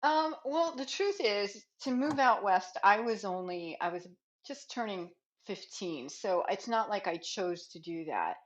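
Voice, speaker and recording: A woman's voice: medium pitch, expressive, a little slow, few pauses. A woman from New York with a New York accent, a podcast guest, giggly and reminiscing. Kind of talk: casual interview chat.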